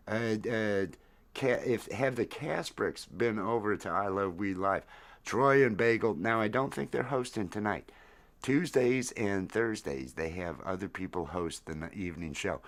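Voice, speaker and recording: A man hosting a live stream, chatting loosely with viewers and greeting them by name while high. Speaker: livestream host and musician. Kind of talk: casual chat to a live stream audience. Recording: echoey room with loud music behind. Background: loud music.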